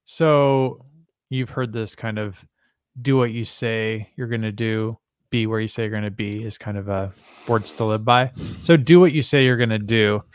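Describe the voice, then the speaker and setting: A man's voice: fairly low pitch, fairly even intonation, normal speed, clean tone, dry recording, studio quality. A man co-hosting a podcast, chatting casually, joking with his partner and asking him questions. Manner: chatty, asks questions, jokes with his co-host. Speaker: podcast co-host.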